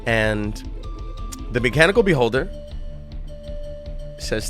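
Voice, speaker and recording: A man narrating as game master in a tabletop game, excitable and prone to laughing and repeating himself. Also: mid-range voice, moderate pace, soft background music.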